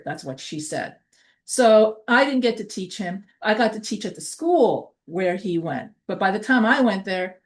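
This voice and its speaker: A woman accent teacher talks her way through a lesson in a casual, rambling style. She drifts into side stories and fills her pauses as she explains how sounds are made. Her voice sits in an ordinary middle range. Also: medium pitch. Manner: rambling, with many fillers and asides; slow, drawn-out word drills.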